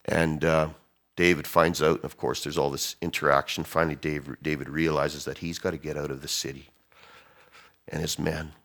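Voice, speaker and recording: A man preaching a sermon, animated, swinging from loud emphasis to hushed tones as he acts out quotes. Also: rumbling low, normal speed, gravelly. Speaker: pastor.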